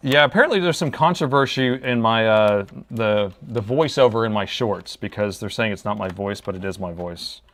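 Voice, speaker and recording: A man's voice: fairly low pitch, normal speed, few pauses, fairly bright tone. A man chatting casually with his live-stream viewers while he repairs a laptop, talking to himself as he works.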